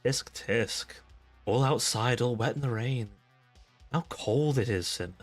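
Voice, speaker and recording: A man voicing a stern male preacher who chides a sinner in a low, theatrical tone, over faint music. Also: unhurried, lightly acted. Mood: chiding.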